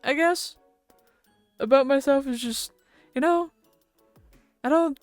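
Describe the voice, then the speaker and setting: A woman's voice: high-pitched, slow, no echo, faint music behind. A woman streamer chatting casually with her viewers, rambling and laughing often into a close mic.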